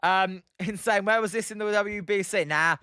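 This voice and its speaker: A young man with an English accent and a fairly high voice, riffing casually through live baseball commentary and reading out viewer comments. His delivery is loose and full of "um"s. The recording is dry and close, with no room sound. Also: moderate pace, sharp tone, clear, resonant tone, dry recording. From England. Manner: chatty, reads viewer comments aloud, frequent "um". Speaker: livestream host watching baseball.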